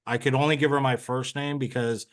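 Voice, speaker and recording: A man's voice: medium pitch, fairly even intonation, a little fast. A man speaking as an interview guest, telling his story in an earnest, conversational way with plenty of fillers. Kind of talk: candid personal story.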